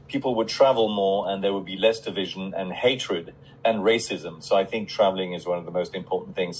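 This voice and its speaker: A man's voice: low-pitched, darkish tone, a little hiss or hum, low-quality recording. A middle-aged man on a casual live stream, reading out fan questions and answering them in a chatty way with many fillers.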